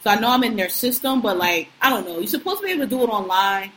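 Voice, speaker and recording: A woman's voice: medium pitch, expressive, fast talker, a bit bright, low-quality recording. Blunt, profane woman podcast co-host. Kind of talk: casual podcast chat.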